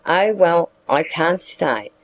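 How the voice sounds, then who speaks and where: A reader voicing a bustling household maidservant who scolds and orders a child about, slow and measured. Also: medium pitch, animated, rough recording. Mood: scolding. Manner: scolding, commanding. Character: bustling female household servant, bossy and hurried.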